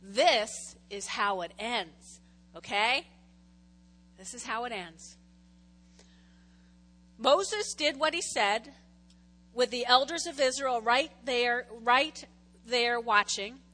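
A woman preacher teaching a casual Bible-study sermon. She tells the story in an animated, chatty way, moving between hushed asides and loud exclamations. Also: on the high side, takes it slowly, pauses often.

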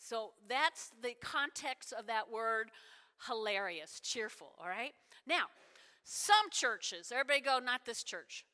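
A woman preaching a sermon, animated and conversational, asking the congregation questions. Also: on the high side, a little slow. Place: church sanctuary. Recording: long reverb of a large hall.

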